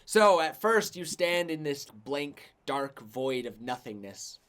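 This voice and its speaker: A man's voice: a little high, sing-song, takes it slowly, fairly bright tone. A man narrates a fantasy tabletop game as its game master. He rambles and restarts his sentences, and he peppers them with "like". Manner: rambling, lots of "like".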